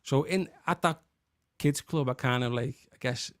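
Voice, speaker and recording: A man from Liverpool in his thirties, a guest musician and worship leader, talking in an earnest, halting way with many restarts. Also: mid-range voice, no echo, clean studio sound. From Liverpool, England. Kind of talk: casual chat.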